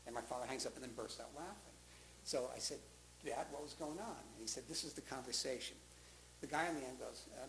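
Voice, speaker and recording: A man's voice: mid-range voice, fast talker, fairly bright tone. A man giving a storytelling speech to a congregation, acting out the voices in his anecdotes. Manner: anecdotal, acts out quoted voices. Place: synagogue sanctuary. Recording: echoey room with faint hum.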